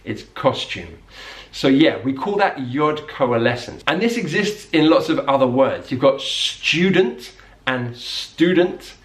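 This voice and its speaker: A man with a British English accent teaching pronunciation, explaining clearly and slowing down to model words. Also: mid-range voice, animated, recorded from a distance. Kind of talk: pronunciation lesson. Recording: roomy echo.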